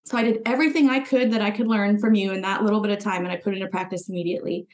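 A woman's voice: mid-range voice, fairly even intonation, racing, darkish tone. A woman guest on a podcast, earnestly telling her own story in conversation and acting out what she thought back then. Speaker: podcast guest, former client. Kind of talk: personal story told in conversation.

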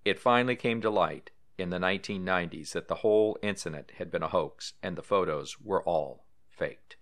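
A man with a very low voice hosts a podcast. He reads history and trivia aloud at an easy pace and drops in offhand comments. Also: moderate pace, a bit bright. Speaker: podcast host. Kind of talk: casual podcast narration.

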